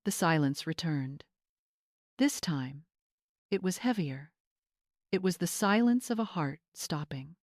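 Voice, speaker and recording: A woman telling a first-person story in a calm, deliberate scripted narration. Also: low-pitched, dry recording, clean studio sound.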